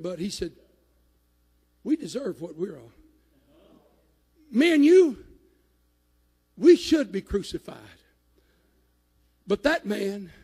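High-voiced gravelly preacher. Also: male voice, big-room sound. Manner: rising to shouted climaxes, then dropping low. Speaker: pastor. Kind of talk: sermon. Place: church sanctuary.

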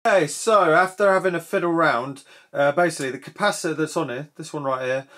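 A man's voice: a little high, brisk, fairly bright tone. A man casually demonstrating an old machine, chatting and thinking aloud as he tinkers. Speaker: museum owner demonstrating an answering machine.

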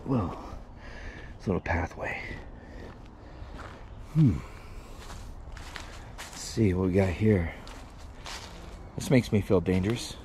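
A man's voice: low-pitched, takes it slowly, pauses often, mellow, slight background noise. A man vlogging alone on an outdoor trail, joking and chatting to his viewers nonstop. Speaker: paranormal explorer vlogger. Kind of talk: rambling solo commentary.

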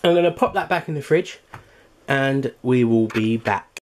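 A man's voice: mid-range voice, lively intonation, unhurried. Chatty man hosting a home cooking vlog. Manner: chatty, filler-heavy, eating while talking. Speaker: cooking channel host.

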